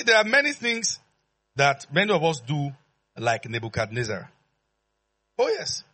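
A man preaching a sermon in an animated, playful way, calling out to the congregation. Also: on the high side, a little slow, long pauses, slight background noise. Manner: animated and playful, acts out dialogue, calls out to the congregation.

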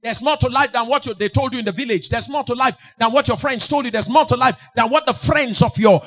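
Male preacher, high and ringing, sing-song delivery that bursts into shouts. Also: fast, few pauses, faint music behind. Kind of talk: sermon.

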